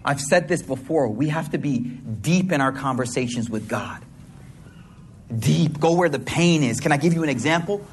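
A man preaches to a gathered crowd, his voice climbing high and swooping as he slips into street slang and acts out little scenes. The delivery runs a bit high for a man, and a faint hiss sits under the hall sound. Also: moderate pace. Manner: casual slang-filled preaching, animated voices. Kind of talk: sermon. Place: hall with audience.

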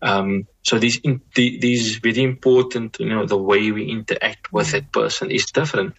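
A man with a husky, slightly breathy voice and a forceful, bright edge. He talks in a measured, reflective way, circling back and repeating words as he gathers his thoughts. His tone leans gently toward preaching. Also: lowish voice, steady tone, highs cut off. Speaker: Muslim scholar guest. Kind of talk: reflective podcast conversation.

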